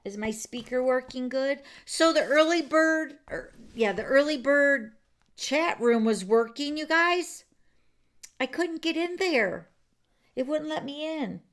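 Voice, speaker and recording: A woman's voice: high-pitched, animated, takes it slowly. A woman hosting a card-making livestream, chatting casually and rambling with viewers, with lots of fillers and restarts. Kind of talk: casual live chat with viewers. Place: home craft room.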